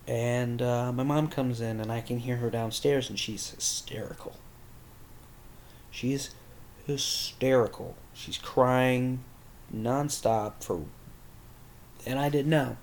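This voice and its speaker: A man's voice: mid-range voice, steady tone, slow pace, long pauses, slight background noise. A young man candidly telling a personal story, rambling and swearing, as a podcast host. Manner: candid, rambling, with crude language.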